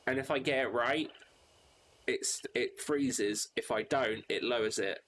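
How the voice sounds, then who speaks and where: A man streaming a live playthrough of a horror visual novel, talking casually, reading the story aloud and reacting loudly with laughter. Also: medium pitch, a little slow, slight background noise.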